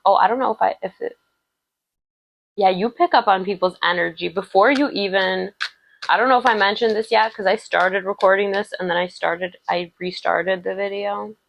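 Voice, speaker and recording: A woman's voice: medium pitch, steady tone, moderate pace, vocal fry, poor audio. A woman giving a casual, rambling tarot love reading, full of filler words and affirmations. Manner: chatty, rambling, many "like" fillers, warm affirming tone. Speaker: tarot reader.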